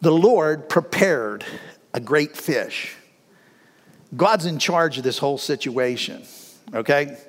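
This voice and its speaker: Animated middle-aged preacher in a reverberant hall. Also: male voice, fairly high pitch, slow pace, long pauses. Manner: animated, folksy, laughs between lines. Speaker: pastor. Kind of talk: sermon.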